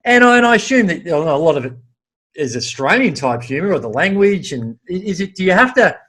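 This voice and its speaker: High, lively-voiced male co-host. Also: a little fast, husky. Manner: hesitant questions with restarts. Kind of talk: casual chat.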